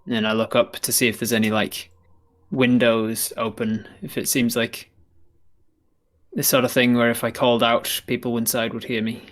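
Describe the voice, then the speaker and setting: A man playing a tabletop role-playing game, describing actions and giving measured, earnest speeches in character. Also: mid-range voice, flat delivery. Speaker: player.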